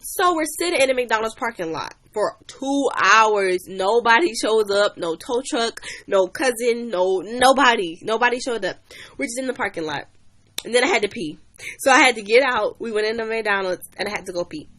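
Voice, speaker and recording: A woman's voice: a little high, expressive, normal speed, fairly bright tone. A young woman chatting on a livestream, animatedly telling a story and greeting new viewers. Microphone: webcam or phone mic.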